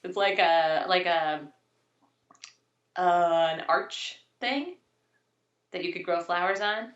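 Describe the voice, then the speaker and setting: A woman's voice: lowish voice, slow, recorded from a distance. Chatty woman on a roomy, muffled call. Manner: chatty, rambling, laughs often. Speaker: podcast co-host. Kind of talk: casual chat over video call. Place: new house, showing the yard.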